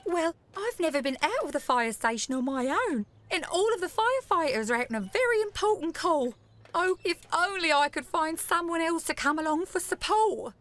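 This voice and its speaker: A woman's voice: extremely high pitch, normal speed. A woman voicing a friendly, eager young fire engine in a children's cartoon. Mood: eager, kind. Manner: lively, encouraging. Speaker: talking vehicle in a cartoon.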